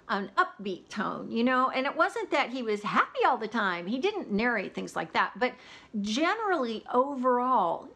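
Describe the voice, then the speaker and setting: A woman's voice: fairly high pitch, a bit bright. A woman hosting her own vlog, chatting casually about audiobooks with lots of "you know" asides. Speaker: audiobook reviewer.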